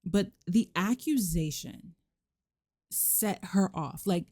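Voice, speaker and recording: A woman hosting a let's play, giving casual, animated commentary and voicing her characters' lines with sass. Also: mid-range voice, unhurried, dry recording, clean studio sound.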